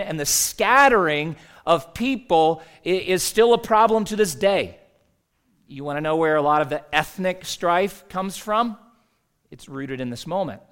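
Pastor guy preaching, kinda higher voice, chatty, lots of rhetorical questions. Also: a bit bright, clear, resonant tone. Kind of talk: sermon.

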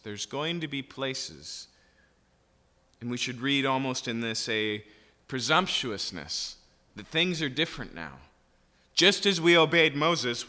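A man's voice: mid-range voice, pushed and bright, in a large hall. A man preaching an expository sermon, reading scripture verses aloud and then explaining them with rising emphasis.

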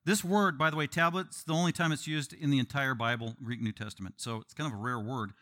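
A man preaching an expository sermon. He delivers it in an animated, emphatic way, with joking asides to the congregation. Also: medium pitch, fast. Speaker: pastor.

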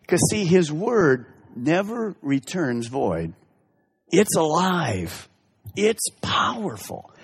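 A man's voice: fairly high pitch, very animated, slow, husky, long reverb tail. A male pastor preaching a sermon with emphatic delivery, asking the congregation direct questions.

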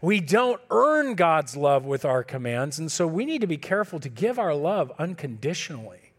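A man preaching a sermon in a relaxed, conversational way, acting out talks with his kids. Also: fairly high pitch, moderate pace, husky. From California. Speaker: pastor.

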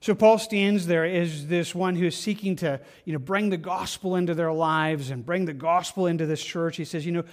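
A man preaching a sermon in an earnest, halting way, often repeating words and restarting, moving between soft and stronger delivery. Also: fairly high pitch. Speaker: pastor.

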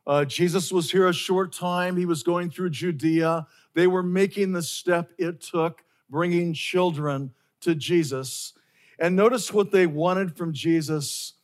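Male pastor, slightly high voice, slow and earnest sermon delivery that repeats key phrases.

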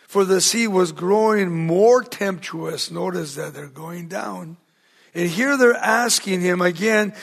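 Sex: man. Role: pastor. Style: verse-by-verse sermon. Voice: high and gravelly, emphatic, rising loud then dropping hushed. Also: lively intonation, unhurried. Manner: emphatic preaching, swinging between loud and hushed; asks the congregation rhetorical questions.

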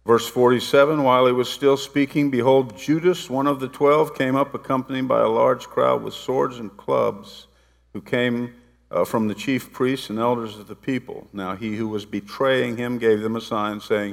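A man preaches to his congregation, mixing scripture retellings with casual, playful asides. His voice has a gravelly edge. The sound carries a long reverb from a large sanctuary. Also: medium pitch, fairly even intonation, moderate pace. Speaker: pastor. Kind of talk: sermon. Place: church sanctuary.

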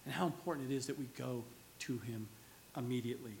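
A pastor preaching a sermon, telling stories in an animated way and chuckling now and then. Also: male voice, medium pitch, fast, gravelly, slight background noise.

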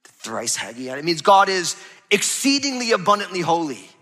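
A man preaches a sermon in a high, bright, forceful voice, swinging from loud emphasis to hushed low passages. His voice rings out with a long reverb, as in a church sanctuary. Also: very animated, moderate pace. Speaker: pastor. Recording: reverberant hall.

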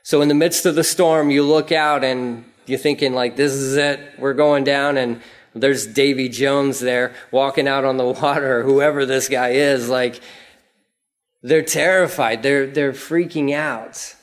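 A man preaching a casual, conversational sermon, telling the story vividly and acting out prayers in a raised voice. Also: a little slow. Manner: animated storytelling, acts out prayers in a raised pitch. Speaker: pastor.

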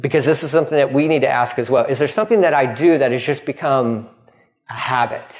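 A man preaching a sermon as pastor, animated and quick to act out voices, often restarting his sentences. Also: mid-range voice. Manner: animated, acting out voices in dialogue; frequent restarts and stumbles.

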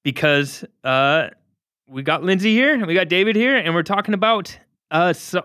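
An upbeat man hosts a podcast from a studio, joking and leaning on fillers as he talks. His voice sits a little high. The sound is close and dry, with no room echo. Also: lively intonation, moderate pace, sharp tone. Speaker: podcast host. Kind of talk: casual podcast chat. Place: recording studio. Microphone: studio microphone.

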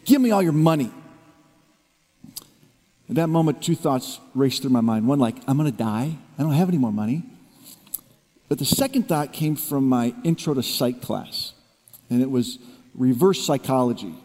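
A man preaching a sermon, telling a personal story in hushed low tones that rise into emphatic preaching. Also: expressive, moderate pace, pauses often. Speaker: pastor. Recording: long reverb of a large hall.

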